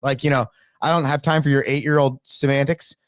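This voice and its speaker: A man's voice: mid-range voice, steady tone, fairly quick, no room sound, clean studio sound. A man who coaches baseball and hosts a show, ranting in casual sports commentary, emphatic and exasperated.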